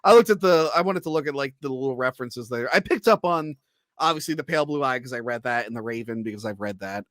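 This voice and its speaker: A man's voice: medium pitch, lively intonation, fast, a bit bright, dry recording, clean studio sound. A man hosting a casual movie review podcast. He rambles, with many fillers and restarts. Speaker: podcast host.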